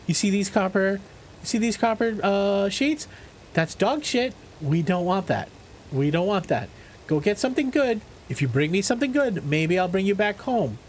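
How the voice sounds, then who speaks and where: Lively high-pitched male streamer. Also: moderate pace, slight background noise. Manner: animated, profane, joking with chat; reads trivia questions aloud. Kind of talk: live game streaming chat.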